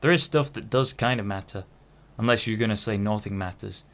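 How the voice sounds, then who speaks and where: Low-voiced young man rambling solo. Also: a little fast, fairly bright tone. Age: 20s. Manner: rambling, self-interrupting, casual swearing. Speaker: podcast host. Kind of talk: casual solo monologue.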